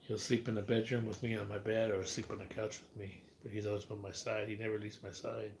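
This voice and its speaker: A man's voice: lowish voice, little pitch movement, quick pace, gravelly, darkish tone, slight background noise. A man chatting casually to viewers on a livestream from his home, rambling and swearing often. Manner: rambling, profane, talks to chat. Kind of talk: casual live-stream chat.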